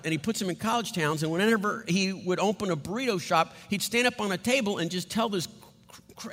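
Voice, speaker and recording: A man pastor telling stories in a sermon, animated and conversational, laughing between lines. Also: high voice, long reverb tail. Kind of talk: sermon storytelling.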